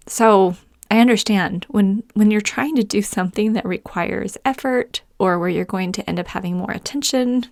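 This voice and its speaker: A middle-aged woman speaks at a moderate pace in a medium-pitched voice that's creaky and a little mellow, in clean studio sound with no room sound. Hosting a podcast, she tells personal stories chattily and often laughs.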